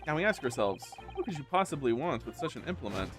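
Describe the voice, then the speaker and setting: A man reading aloud the lines of a pompous, eccentric gentleman detective in a game, in a grandiose, theatrical manner. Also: mid-range voice, sing-song, fast, over music, close to an everyday voice.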